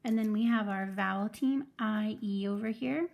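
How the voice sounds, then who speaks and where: A woman teaching first grade in an online video lesson, clear and patient as she explains step by step. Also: medium pitch, moderate pace, dull audio.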